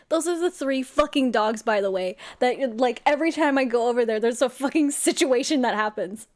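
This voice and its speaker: A young woman streamer telling a story to her viewers in a casual, excitable way, swearing a lot. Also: a little high, measured pace, pauses often, soft background music.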